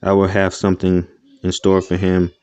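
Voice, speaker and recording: A man with a deep voice voicing an unseen villain who gloats over his plans in a storybook reading. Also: monotone, normal speed, a little mellow, no room sound, dull audio, lightly acted. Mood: gloating. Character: unseen scheming villain lurking in shadows.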